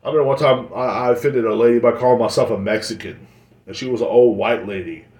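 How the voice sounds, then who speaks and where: A man's voice: mid-range voice, fast, darkish tone. A man hosting a casual solo podcast, rambling and joking with plenty of swearing. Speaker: podcast host. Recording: roomy echoey recording.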